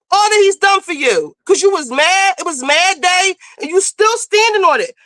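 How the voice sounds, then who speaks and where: Woman streamer host, high and bright, blunt and profane, dry close sound. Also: sing-song, moderate pace, dry recording. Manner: emphatic, scolding. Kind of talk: casual commentary.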